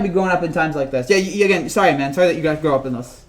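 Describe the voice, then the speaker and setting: Male sports vlogger with a high voice, rambling and jokey, casual rant. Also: very fast. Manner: rambling, joking, repeats himself.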